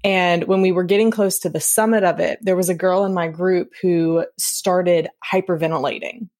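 A woman's voice: lowish voice, fairly even intonation, normal speed, darkish tone. A woman hosting a casual conversation, telling stories and encouraging her guest. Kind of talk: casual chat.

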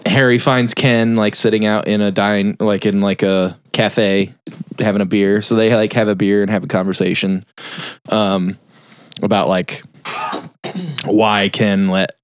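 A man's voice: lowish voice, flat delivery, a little slow, smooth, dry recording, clean studio sound. A man on a podcast casually retelling a film's plot, swearing freely and rambling with lots of filler words. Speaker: podcast host. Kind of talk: casual film recap.

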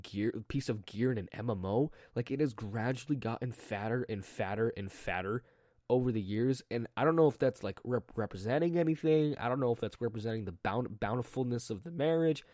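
A teenage boy with a rough, strained throat, chatting casually on his own in a rambling, joking way, full of restarts and self-corrections. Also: mid-range voice, mellow, no echo, studio quality. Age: teens. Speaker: podcast diarist. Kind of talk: casual solo vlog chat.

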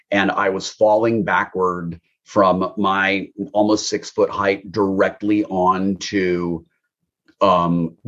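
A man, an actor being interviewed, telling candid stories in a casual, animated way. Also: low voice. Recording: muffled lo-fi audio.

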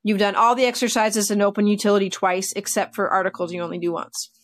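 A woman dog trainer telling stories in a casual podcast chat, animated and full of fillers. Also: mid-range voice, quick pace, dry recording. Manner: chatty, animated, with many fillers like "like" and "you know".

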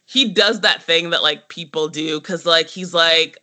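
A man co-hosting a casual podcast discussion, talking in an animated way, full of "like" and quick laughs. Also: a little high. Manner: animated, heavy use of "like", frequent laughter. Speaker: podcast co-host.

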